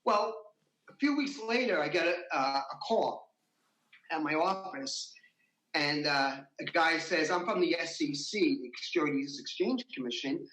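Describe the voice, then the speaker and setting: Guy telling a wild story on an interview, animated, roomy echo. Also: measured pace. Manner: animated, rising in pitch when excited. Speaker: interview guest. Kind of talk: casual storytelling.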